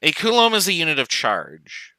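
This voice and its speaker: A man teaching a chemistry class online, explaining in a relaxed, informal way with side remarks. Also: on the high side, normal speed, no room sound, rough recording. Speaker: chemistry professor. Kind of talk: casual online lecture.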